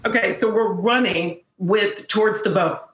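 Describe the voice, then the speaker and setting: A woman, an actress guest, telling an animated behind-the-scenes story with quick quoted lines. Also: mid-range voice, roomy sound, soft background music, poor audio. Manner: fast storytelling with quoted voices. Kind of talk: animated anecdote.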